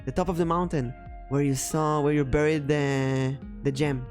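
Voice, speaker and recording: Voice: mid-range voice, steady tone, normal speed, darkish tone, faint music behind. A game master narrating an improvised tabletop game in a playful way.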